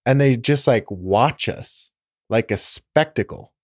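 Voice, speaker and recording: A man's voice: medium pitch, expressive, slow, no room sound, clean studio sound. A man hosting a podcast, talking candidly and reflectively with his guest. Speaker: podcast host. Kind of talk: podcast conversation.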